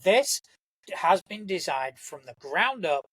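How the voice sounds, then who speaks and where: A man's voice: high voice, very animated, takes it slowly, fairly bright tone, no room sound, poor audio. A young man hosting a casual solo podcast, rambling and enthusiastic, swearing freely. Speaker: podcast host.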